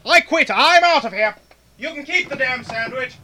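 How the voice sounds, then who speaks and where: A man's voice: very high voice, expressive, normal speed, background noise. An actor playing an irritable, pompous male voice actor who snaps at his director with theatrical, insulting outbursts in a comedy sketch. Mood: exasperated.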